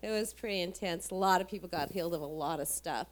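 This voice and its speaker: A woman's voice: fairly low pitch, fast talker. A woman telling a church story to a congregation, rambling, with many restarts and fillers. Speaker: guest speaker in church. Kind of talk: testimony storytelling.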